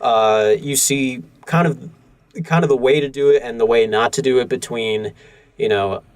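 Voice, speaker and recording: A man co-hosting a podcast, talking through ideas in a thoughtful, measured way. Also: medium pitch, dry recording. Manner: thoughtful, measured, many fillers. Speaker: podcast co-host. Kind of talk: casual film discussion.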